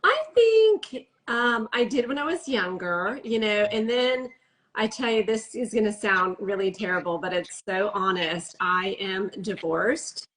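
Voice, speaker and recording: A woman from the American Midwest hosting a casual interview, candid and animated as she tells stories. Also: medium pitch, measured pace, low-quality recording. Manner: candid, animated storyteller, laughs easily. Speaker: interview host.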